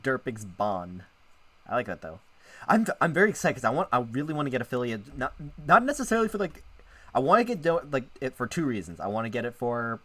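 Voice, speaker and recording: A man streamer chats casually with his viewers while reading through a visual novel. He rambles and often cuts himself off mid-sentence, his voice mid-pitched and bouncing lively up and down. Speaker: streamer and VTuber.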